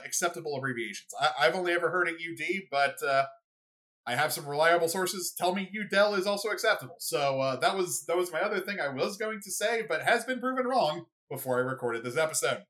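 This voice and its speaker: A young adult hosting a solo sports podcast, talking off the cuff at a mid-range pitch. The delivery is loose and rambling, full of fillers and restarts. It keeps tipping into excited asides. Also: brisk. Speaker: podcast host.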